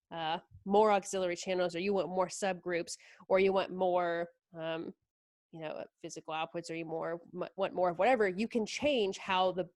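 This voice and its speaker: Woman product specialist, low voice, chatty and filler-heavy, dry close sound. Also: dry recording. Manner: chatty, lots of fillers and likes. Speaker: audio console product specialist. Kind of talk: casual technical demo talk.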